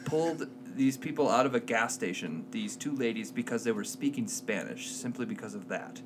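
A man's voice: medium pitch, moderate pace, music in the background. A man co-hosting a podcast, telling stories in casual chat and laughing often. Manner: rambling storyteller, laughs often. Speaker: podcast co-host. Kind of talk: casual chat among friends.

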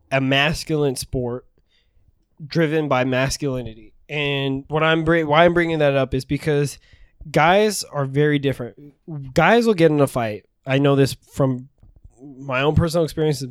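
A man talking on a podcast in a rambling, profane, teasing way. His voice sits a little high for a man. The sound is dry and close, with no room echo. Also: smooth. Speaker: podcast co-host. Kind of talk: casual chat.

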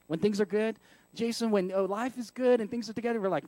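A pastor with a high voice delivers his sermon in a conversational, self-deprecating way and leans on rhetorical questions. The sound is dry and close. He stays candid throughout. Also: steady tone, quick pace, dark tone, dry recording.

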